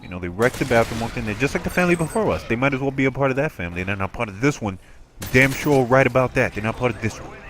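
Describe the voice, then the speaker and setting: A man chatting over gameplay in an easy, rambling way, stumbling and restarting as he tells his story. His voice sits at an ordinary male pitch, with faint background noise under the recording. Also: lively intonation, quick pace, fairly bright tone. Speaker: gameplay commentator. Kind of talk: casual game commentary storytelling.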